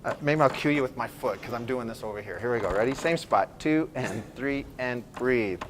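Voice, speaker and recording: A man leading a school band rehearsal, giving brisk, encouraging directions, counting off and singing phrases to show how they should sound. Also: medium pitch, very noisy. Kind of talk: ensemble rehearsal instruction.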